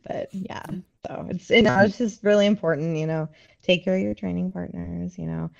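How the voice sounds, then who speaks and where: Female podcast guest, lowish gravelly voice, dull lo-fi sound, candid and laughs a lot. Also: steady tone, moderate pace. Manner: candid, laughs often, swears freely. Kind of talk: casual chat.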